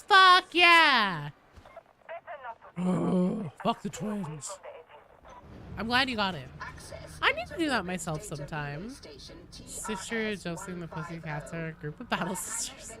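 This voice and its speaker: A woman's voice: mid-range voice, fairly quick, crowd noise. A woman streaming a game, chatting casually with viewers, joking and swearing in sudden outbursts. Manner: excitable, swears a lot, jokey. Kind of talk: casual gameplay chat.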